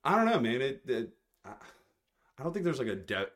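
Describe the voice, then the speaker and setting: A man's voice: medium pitch, sing-song, fairly quick, a bit bright. Laid-back late-20s philly-guy. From Delaware County, Pennsylvania. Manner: laid-back, profane, says "dude" constantly. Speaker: guest. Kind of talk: casual chat.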